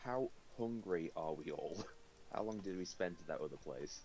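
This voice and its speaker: A low-pitched man at a tabletop game, offering earnest explanations to the table. Faint noise runs beneath him. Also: lively intonation, normal speed, darkish tone, poor audio. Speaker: player.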